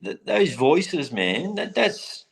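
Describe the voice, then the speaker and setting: A man's voice: on the high side, sing-song, slow pace, gravelly, slightly rough. A man interviewing in a casual chat, rambling and self-deprecating, often stumbling over his words.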